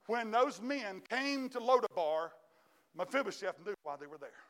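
A man preaching a sermon, telling a story dramatically, acting out the characters and building up to shouts. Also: high-pitched, very animated, normal speed.

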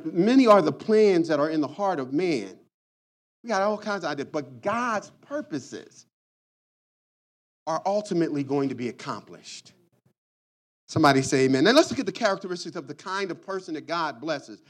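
Male preacher, high and very lively pitch, call-and-response delivery, drawn-out emphasis. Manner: drawn-out emphasis on key words. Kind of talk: sermon.

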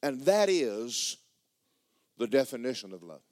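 A pastor, preaching a sermon and telling a personal story with emotion, often repeating himself and speaking straight to the congregation. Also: male voice, mid-range voice, sing-song, measured pace, a little mellow, no echo.

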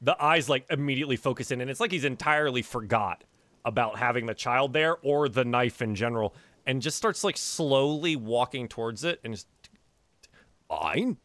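Running a tabletop game, this game master spins the scene in an animated narration, stumbling through fillers and restarting lines. His pitch is medium, his pace fairly quick, and the sound has no echo.

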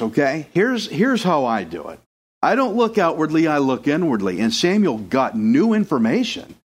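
Lively high-pitched male preacher. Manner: animated, acts out quoted voices. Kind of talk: sermon.

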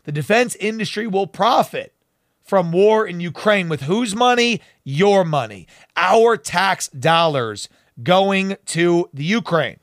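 A man's voice: high voice, expressive, takes it slowly, no echo, studio quality. A man hosting a talk show, delivering fiery, emphatic and sarcastic political commentary.

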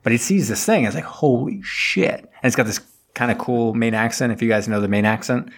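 A man's voice: medium pitch, quick pace. Man casually retelling a movie plot. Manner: rambling storyteller with many fillers and asides. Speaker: podcast co-host retelling a film plot. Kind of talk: casual chat.

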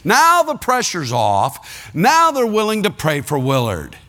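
A man's voice: high-pitched, huge pitch swings, measured pace, sharp tone. A man preaching a sermon as a pastor, telling a story with laughter and acting out the people in it.

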